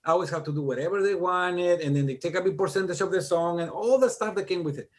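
A middle-aged man chats as an interview guest with a slightly high, lively voice. He tells his stories with animated, self-mocking humor and laughs at himself along the way. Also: fast talker. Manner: animated, self-deprecating joker. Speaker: guest music producer. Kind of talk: casual interview storytelling.

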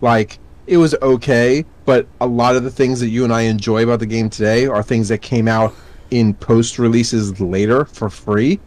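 A man co-hosting a casual gaming podcast, chatty and quick to laugh. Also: mid-range voice, fairly even intonation, a little mellow. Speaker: podcast co-host.

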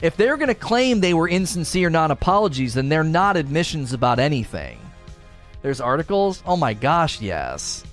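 Indignant man ranting, lively voice. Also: on the high side, normal speed, faint music behind. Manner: indignant, defensive, repetitive. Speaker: streamer. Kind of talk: ranting monologue.

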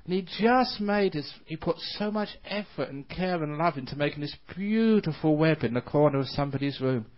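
A man, a Buddhist monk, giving a dharma talk with lively storytelling and frequent laughter. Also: on the high side, fairly quick, few pauses, muffled recording. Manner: animated storyteller, laughs often.

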